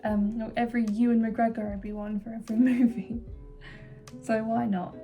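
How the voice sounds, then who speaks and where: A young woman vlogging in casual chat, gushing with excitement and filling her talk with likes and ums. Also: a little high, normal speed, recorded from a distance, soft background music. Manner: excited, gushing, many fillers. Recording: voice set back from the mic.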